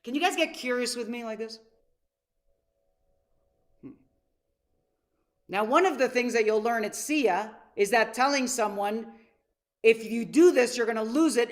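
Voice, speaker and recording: A woman's voice: fairly high pitch, a bit bright. A woman coach teaching a live masterclass, telling stories, acting out quotes and asking the audience questions. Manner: storytelling, asks audience questions, acts out quotes. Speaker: seminar coach.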